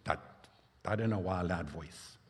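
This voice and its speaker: A man's voice: low-pitched, moderate pace, in a large hall. A male pastor preaching a sermon, explaining scripture in a conversational way with personal asides.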